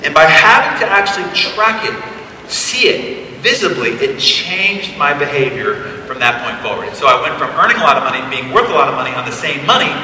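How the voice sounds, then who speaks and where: A man in his forties giving a motivational keynote, telling stories in an animated, conversational way with emphatic asides. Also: a little high, a little hiss or hum. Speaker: keynote speaker. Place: large event hall, live on stage. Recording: echoey hall taped from far off.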